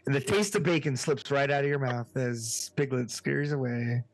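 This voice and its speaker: A man's voice: mid-range voice, normal speed, dry recording, low-quality recording. A man running a tabletop horror role-playing game as game master, playful, narrating scenes and asking the players what they do.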